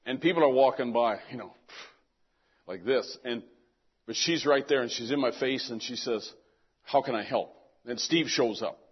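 A man's voice: medium pitch, normal speed, pauses often, breathy edge, dull audio. An older man telling a personal story in a casual, rambling way, often repeating words as he goes.

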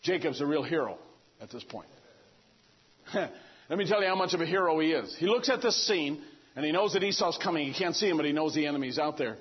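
A man's voice: a little high, animated, fairly quick, breathy edge. A man preaching a folksy, conversational sermon, retelling the story with humor and playing out the characters' talk. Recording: dull lo-fi recording.

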